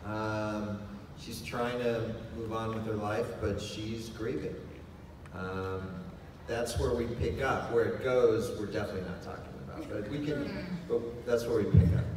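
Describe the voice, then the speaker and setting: A man's voice: lowish voice, moderate pace. A man, a series producer, answering carefully and laughing on a convention panel. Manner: guarded, laughing. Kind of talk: panel talk. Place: large convention hall. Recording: echoey hall, far mic, noise.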